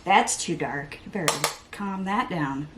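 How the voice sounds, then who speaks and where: A woman's voice: fairly low pitch, measured pace, heavy background noise. A woman chatting casually to her viewers while doing her makeup, rambling and poking fun at herself. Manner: rambling, self-mocking, breaks into playful voices and laughs. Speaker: beauty vlogger. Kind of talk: chatty get-ready-with-me vlog.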